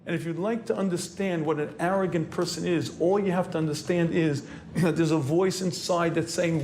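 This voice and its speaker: A man, a rabbi, preaching a sermon in an earnest, lecturing way, often clearing his throat as he goes. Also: fairly high pitch, fairly even intonation, moderate pace, a little mellow, slight background noise.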